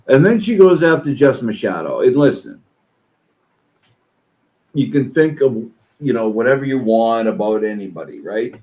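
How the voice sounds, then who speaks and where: Angry ranting man, wide pitch swings. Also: poor audio. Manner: slow-paced, with lively pitch swings. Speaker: streamer reacting to online posts. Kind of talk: profane reaction commentary.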